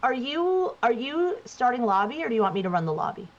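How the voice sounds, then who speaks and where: Over a loud crowd, a New Jersey voice actor guest chats while gaming in a slightly high voice with big pitch swings and a slightly fast pace. She's chatty and shifts her voice placement to demonstrate, captured in dull lo-fi sound.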